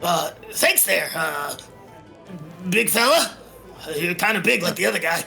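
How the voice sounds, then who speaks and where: A man's voice: high-pitched, expressive, measured pace, vocal fry, sharp tone, faint music behind, voice pushed down, heavily acted. A man stammering as a nervous little kobold rogue girl. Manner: hesitant, stammering.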